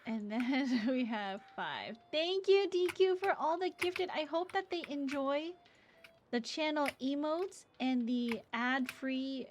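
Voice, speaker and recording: A woman streams a game and reads chat aloud, chatting casually and giggling. Her voice is high, expressive and slow. Background noise and keyboard clicks can be heard.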